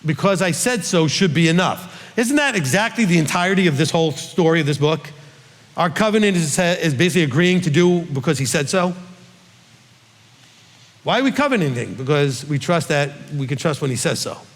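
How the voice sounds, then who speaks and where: A man's voice: a little high, lively intonation, a little fast, big-room sound. A male rabbi reading scripture aloud and teaching from it, in a conversational way that puts questions to his listeners.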